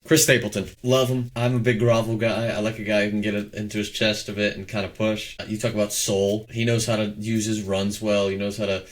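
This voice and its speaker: A young man co-hosting a podcast, speaking earnestly and sometimes stumbling as he searches for words. His voice sits a bit low. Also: flat delivery, a little fast, hardly any pauses. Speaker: podcast co-host. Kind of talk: casual chat.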